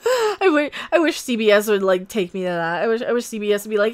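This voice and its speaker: A woman's voice: a little high, sing-song, brisk, clear, resonant tone. A woman hosting a live stream, chatting casually with her viewers in a rambling, candid way and swearing freely.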